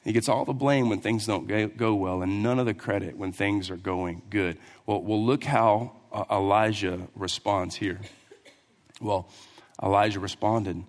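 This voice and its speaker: Animated preacher in a reverberant church. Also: male voice, mid-range voice, measured pace. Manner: animated storytelling, acting out the characters. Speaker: pastor. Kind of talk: sermon. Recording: long hall reverb.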